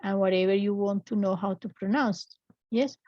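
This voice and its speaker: A woman in her fifties teaching an English class from home over a video call, explaining slowly and patiently with repeated examples. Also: medium pitch, darkish tone, dry recording, muffled recording. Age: 50s.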